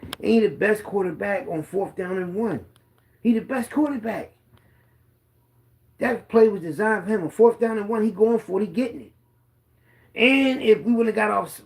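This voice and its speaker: A man's voice: high voice, gravelly, a little mellow. A man, a former running back telling boastful, profane football stories in a rambling casual monologue.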